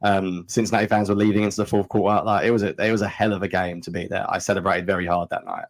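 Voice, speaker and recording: A man in his thirties with a London English accent, co-hosting a podcast and telling stories in a fast, animated way. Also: low-pitched. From England. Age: 30s. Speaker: podcast co-host. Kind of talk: casual chat.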